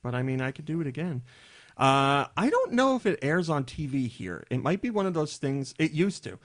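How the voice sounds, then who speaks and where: A man's voice: a little high, big pitch swings, brisk. Chatty man hosting a podcast. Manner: chatty and jokey, rambling asides. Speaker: podcast host. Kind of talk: casual podcast chat.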